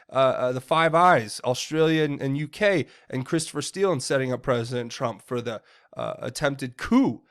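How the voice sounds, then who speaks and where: Heated ranting man, higher-pitched voice. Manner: heated, indignant, stumbles and repeats words. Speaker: political commentator. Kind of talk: ranting political commentary.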